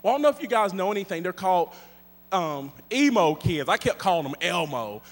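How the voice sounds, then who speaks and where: A man with a high voice preaches to his congregation, telling a story in a lively, joking, chatty way. His voice rings out with a long reverb, as if in a large church hall. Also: brisk. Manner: animated, joking, conversational. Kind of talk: storytelling sermon.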